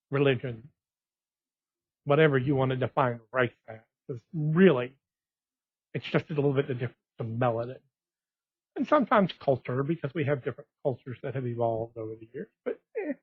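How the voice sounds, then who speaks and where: This West Texas man, a blogger, delivers a casual monologue that rambles and digresses, full of restarts. His voice sits at medium pitch with a breathy edge, and the recording sounds tinny, phone-like and dry.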